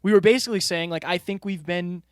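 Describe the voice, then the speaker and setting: A man's voice: high-pitched, fairly even intonation, fast, clean tone, no room sound, studio quality. A man co-hosting a podcast, talking through his year in an earnest, reflective way and speaking straight to the listeners. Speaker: podcast co-host. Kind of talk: casual podcast chat. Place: studio room with a whiteboard.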